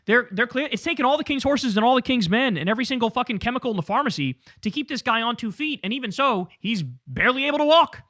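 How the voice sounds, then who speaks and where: A man's voice: high-pitched, fairly bright tone, no echo, studio quality. A man hosting political commentary, talking casually in a blunt, profane and incredulous way.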